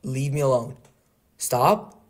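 A young man hosting a game server, commentating in a casual, excitable and joking way at a desk mic. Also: medium pitch, slow, a little hiss or hum. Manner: excitable, joking and laughing, trolling players. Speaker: game server host and YouTuber.

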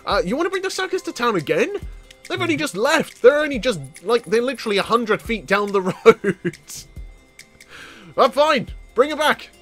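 A man commentating on a let's play in a chatty, excitable way, laughing often. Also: extremely high pitch, moderate pace, faint music behind. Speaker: gaming video host.

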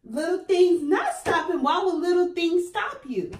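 A soft-spoken woman gives short, easygoing replies on a family vlog. Her voice is high, and she speaks slowly and without hurry. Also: lively intonation, background noise. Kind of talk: casual vlog chat.

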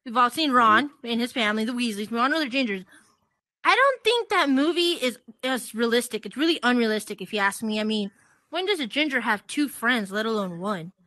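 A woman's voice: a little high, lively intonation, brisk, bright, forceful tone, no room sound. A woman performing a chatty stand-up set in a virtual comedy club, giggling between jokes.

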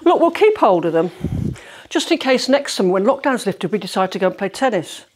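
A woman's voice: medium pitch, sing-song, fairly quick, darkish tone, a little hiss or hum. A middle-aged woman, chatting through a declutter vlog as she sorts socks in her bedroom, exclamatory and self-mocking. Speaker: home organising vlogger. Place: bedroom, sorting socks on a bed.

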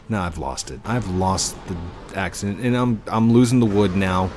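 A man hosting a gaming video, commentating in an excitable, rushed and joking manner. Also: low-pitched, a little hiss or hum. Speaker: gaming channel host. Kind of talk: game commentary.

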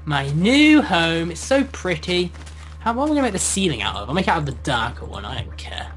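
A man's voice: a little high, sing-song, fairly quick, a bit bright. A young man co-hosting a gaming video, chatting casually and playing at being offended with mock sarcasm. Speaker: gamer co-host. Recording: game music behind.

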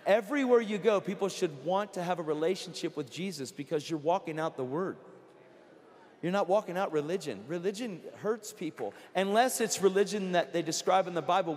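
A middle-aged man preaches with rising passion, his fairly high voice pushing toward a shout at its peaks. He tells stories in plain, conversational speech and quotes the other people in them. His voice rings with a long reverb from a large hall. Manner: passionate, builds to near-shouting; storytelling with quoted dialogue. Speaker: guest preacher. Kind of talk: sermon.

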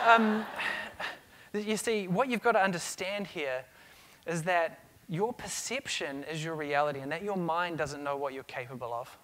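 A middle-aged man giving an energetic conference talk on stage, telling stories with frequent restarts. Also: a little high, moderate pace. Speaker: conference speaker. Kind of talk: conference keynote.

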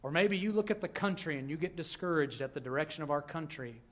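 A male pastor, preaching a sermon in a church with a conversational manner that swings between hushed and loud. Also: a little high, expressive, fast. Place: church sanctuary.

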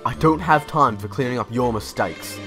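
A man's voice: medium pitch, moderate pace, close to an everyday voice. Man doing a bossy, clipped shunting engine. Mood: stern. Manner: clipped and lecturing. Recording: music playing behind.

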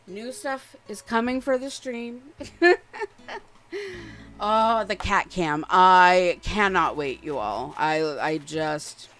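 A woman's voice: fairly low pitch, expressive, takes it slowly, a bit bright. A young woman livestreaming a cozy game, chatting casually and gushing affectionately at the game characters. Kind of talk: casual live-stream chat while gaming.

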